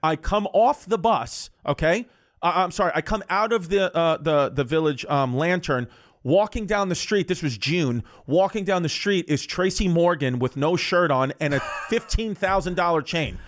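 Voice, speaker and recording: A man on a podcast telling a story in a casual, animated way. He laughs often and breaks into the voices of the people in his story. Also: fairly high pitch, normal speed.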